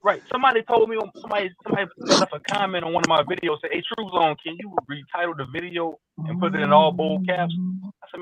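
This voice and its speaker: A man in casual live-stream chat, loud and profane, rambling through stories. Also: sits high, steady tone, fast talker, highs cut off, noisy background.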